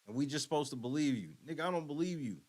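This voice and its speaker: A man's voice: a little high, animated, rapid-fire, darkish tone. A man hosting a podcast, reacting to a clip with blunt, profane, mocking commentary. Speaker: podcast host. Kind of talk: casual commentary.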